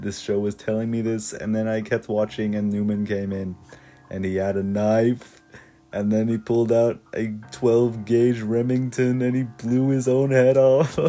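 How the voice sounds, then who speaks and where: A young man with a low, dark, mellow voice recounts a mock horror story. He rambles in a deadpan way and strings everything together with "and then". Faint music sits behind him. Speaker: creepypasta parody narrator.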